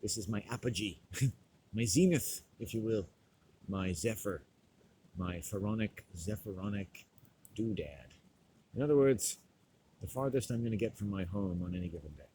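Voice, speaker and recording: Stoned guy ranting and swearing, low voice, a little hiss behind. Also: animated, moderate pace, pauses often, poor audio. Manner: profane, loud, rambling, laughs often. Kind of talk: profane ranting monologue to camera.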